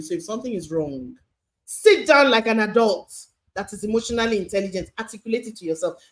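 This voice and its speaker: A middle-aged woman, teaching a parenting course in a lively, spontaneous lecture. She repeats her points and asks rhetorical questions. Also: medium pitch.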